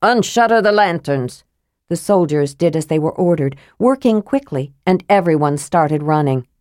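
Woman narrator, lower voice, dry close recording, measured fantasy audiobook read. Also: warm tone, no room sound.

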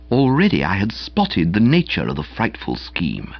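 A man's voice: deep voice, huge pitch swings, normal speed, creaky, few pauses, lo-fi sound. A man reading a comic novel aloud in the first person, with a dry, wry delivery. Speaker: audiobook narrator. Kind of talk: first-person audiobook narration.

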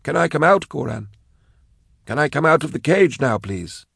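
A man's voice: on the high side, very animated, normal speed, creaky, a bit bright, slightly rough, no room sound, voice pushed up, heavily acted. A man voicing a frail, pleading, imprisoned old magos with a thin, dry voice.

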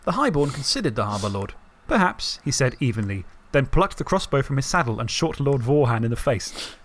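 A man's voice: medium pitch, very animated, fairly quick, slight background noise. A man co-hosting a podcast, chatting eagerly about a fantasy novel, reading lines aloud and often restarting his sentences. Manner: enthusiastic, reads passages aloud, restarts often. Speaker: podcast co-host. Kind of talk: casual book discussion.

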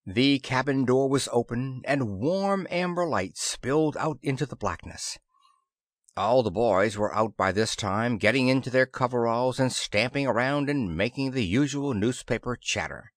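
A man reads a science fiction story in the first person, his pitch rising and falling with the action. The sound is dry and close, with no room around it. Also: normal speed, no echo. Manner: lively first-person storytelling, voices characters. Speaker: audiobook narrator. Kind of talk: scripted narration.

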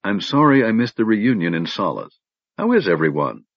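A man's voice: fairly low pitch, sing-song, moderate pace, dry recording. Een zelfverzekerde vrouwelijke legeraanvoerder, door een man gespeeld, plagerig en dreigend, levendig en hoger, doffe droge opname. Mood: teasing. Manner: playful, pleasantly menacing. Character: confident, teasing female warrior commander. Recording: dull lo-fi recording.

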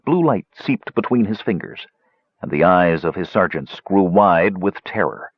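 A man narrating a fantasy audiobook in an expressive storytelling manner. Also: deep voice, a little slow, husky, no room sound, dull audio.

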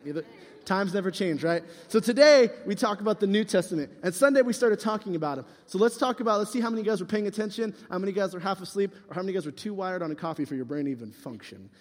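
Young man, youth pastor, joking and quizzing, high voice, long hall echo. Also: animated, quick pace. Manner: playful, teasing, quizzes the listeners. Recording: reverberant hall.

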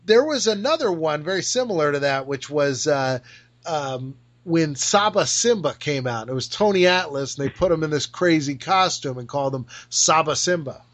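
A man co-hosting a casual podcast, an animated storyteller who acts out remembered conversations and laughs often. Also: on the high side, normal speed. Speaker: podcast co-host. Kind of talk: casual chat about pro wrestling history.

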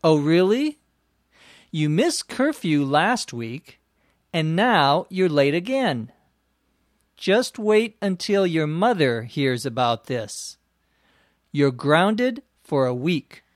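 A man's voice: on the high side, sing-song, takes it slowly, no room sound, studio quality. A man playing a strict father in a scripted dialogue, scolding his teenage daughter in a stern voice.

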